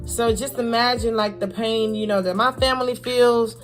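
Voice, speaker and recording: A young woman from Florida, telling a personal story to camera in a halting, repetitive, heartfelt way with casual slang. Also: a little high, steady tone, soft background music. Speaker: vlogger.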